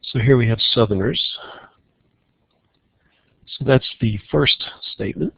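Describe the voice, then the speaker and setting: Guy teaching a math lecture, relaxed, thinks out loud, kinda gravelly, dull lo-fi sound. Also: mid-range voice, measured pace, slight background noise. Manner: relaxed, thinking aloud with restarts. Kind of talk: recorded lecture on logic problems.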